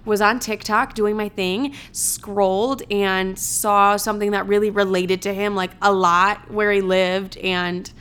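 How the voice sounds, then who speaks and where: A woman's voice: mid-range voice, steady tone, measured pace, hardly any pauses, fairly bright tone, clean tone. A young woman hosting a podcast alone, chatting casually and dramatically, swearing and filling her talk with "like". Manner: chatty, dramatic, swears freely, many fillers. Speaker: podcast host. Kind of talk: casual solo chat.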